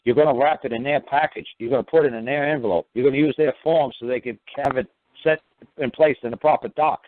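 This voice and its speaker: A man's voice: mid-range voice, fairly even intonation, quick pace, a little hiss or hum. A man hosting a call-in show, blunt, profane and lecturing as he answers callers. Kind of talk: call-in radio talk. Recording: dry, tinny phone-line sound.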